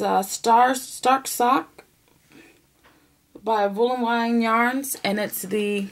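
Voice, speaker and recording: A talkative woman with a drawl, chatting to her viewers in a relaxed, animated way. She laughs often as she goes along, and her pitch sits right in the middle. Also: creaky. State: emotional, near tears at times. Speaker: knitting podcast host. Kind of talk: casual chat to camera.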